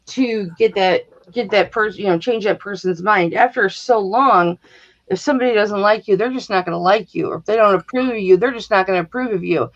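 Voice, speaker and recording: A middle-aged woman chatting casually on a livestream, telling stories in an animated way and acting out the people in them. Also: mid-range voice, a little fast. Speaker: guest on a livestream. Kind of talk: casual chat, storytelling. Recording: dull lo-fi stream audio.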